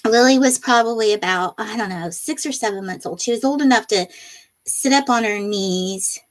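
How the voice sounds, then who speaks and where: A woman in her thirties hosts a casual crafting live stream, chatting with viewers and reading their comments aloud. Her voice sits a touch high, and she laughs easily. A runny nose from allergies colors her talk. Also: normal speed.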